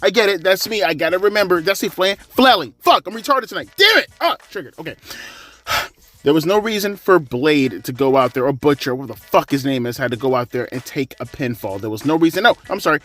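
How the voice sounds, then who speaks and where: A man's voice: on the high side, lively intonation, fast talker. Exasperated man ranting, swearing freely. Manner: profane, exasperated, swings from mutters to yells. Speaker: wrestling show reviewer. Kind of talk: ranting commentary vlog.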